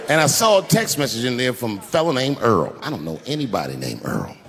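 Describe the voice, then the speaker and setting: A man telling stand-up stories in a gravelly, animated voice that swings widely up and down. He drops to hushed asides and bursts into shouts. The recording has the long reverb of a large hall and a faint hiss underneath. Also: medium pitch, brisk. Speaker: stand-up comedian. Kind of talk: stand-up storytelling.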